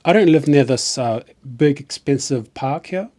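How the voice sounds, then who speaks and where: A man's voice: fairly high pitch, normal speed, warm tone. A man from New Zealand with a New Zealand accent, chatting casually on a live stream in a rambling way and often restarting his sentences.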